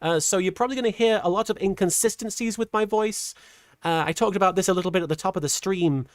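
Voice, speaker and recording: A middle-aged woman streamer chatting casually while reading super chats, earnest and halting, with a softened feminine voice. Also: medium pitch, no room sound, clean studio sound. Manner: earnest, halting with many restarts; voice softened toward a feminine sound. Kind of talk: casual livestream chat.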